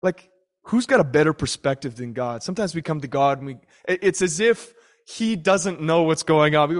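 A man's voice: a little high, expressive, a little fast. A young man preaching a sermon, telling a personal story and acting out the voices of people in it. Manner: storytelling, acts out voices in prayers and quotes.

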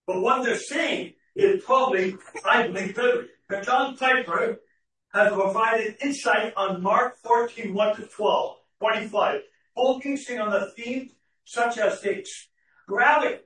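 A man preaching a sermon, often repeating words and restarting, then rising to shouted questions to the congregation. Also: sits high, measured pace, a little hiss or hum. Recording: very echoey hall from far off.

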